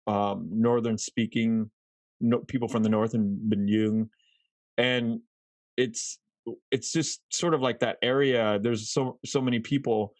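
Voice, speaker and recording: A man's voice: mid-range voice, little pitch movement, unhurried, a little mellow, no echo. A man hosting a podcast, asking long, rambling questions in a casual way. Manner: rambling, loosely built questions. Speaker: podcast host. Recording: dry close mic.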